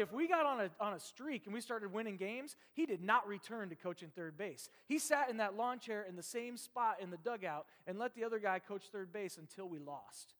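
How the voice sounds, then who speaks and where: A man preaching a sermon as pastor, telling stories with a joking, lively manner. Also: sits high. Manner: lively, jokey storytelling. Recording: long hall reverb.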